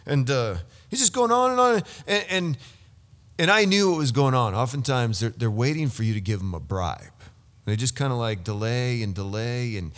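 A man's voice: mid-range voice, animated, moderate pace, fairly bright tone. A man preaching a sermon, telling a story with many stammered restarts. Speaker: pastor. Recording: long hall reverb.

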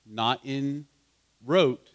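Drawing out his words in a mid-range voice, a pastor teaching a Bible study gives an interactive sermon. He chats with listeners, asks them questions, and builds toward fervent emphasis.

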